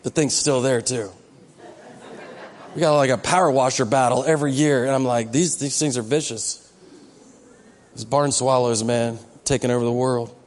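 A man's voice: mid-range voice, steady tone, moderate pace, long reverb tail, slight background noise. A man preaching a sermon as pastor, with a conversational, joking manner that rises into emphatic exhortation. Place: church sanctuary.

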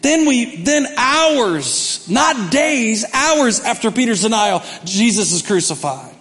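A high-voiced male pastor preaches in a big hall with a long echo trailing his words. He acts out the story animatedly, dropping low and then shouting out loud. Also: slow. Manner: animated, acting out the story, swinging from quiet to shouting. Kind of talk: sermon.

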